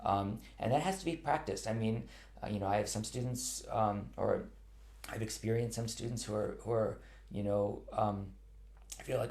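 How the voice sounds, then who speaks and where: Speaking at a normal pace in a lowish, somewhat dark voice, this man teaches cello and responds thoughtfully to viewer questions in a live online chat. He's earnest, often saying um and restarting sentences, and the audio carries a roomy echo.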